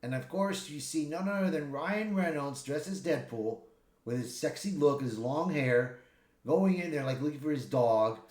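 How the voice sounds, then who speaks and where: Male movie reviewer, casual and rambling, slightly high voice, roomy echo. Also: moderate pace. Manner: rambling, excitable retelling with many restarts and swearing. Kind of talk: casual spoiler review retelling a film. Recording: echoey room.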